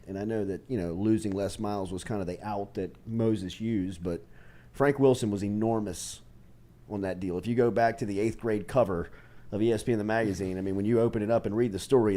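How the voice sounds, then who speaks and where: A man hosting a sports radio show, chatty and quick to riff on stories. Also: lowish voice, dark tone. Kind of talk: casual sports radio chat.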